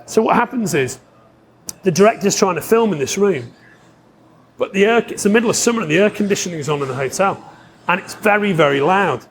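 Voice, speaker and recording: A man telling a long story in a casual podcast chat, animated, laughing often and swearing, with many restarts. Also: high voice, fairly quick. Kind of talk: casual anecdote.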